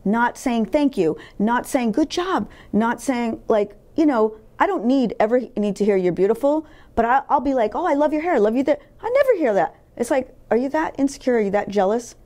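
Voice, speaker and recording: A woman's voice: fairly high pitch, lively intonation, brisk, hardly any pauses, dark tone. A middle-aged woman talking candidly in an interview, emphatic and blunt, swearing freely as she tells her life story. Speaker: interview guest.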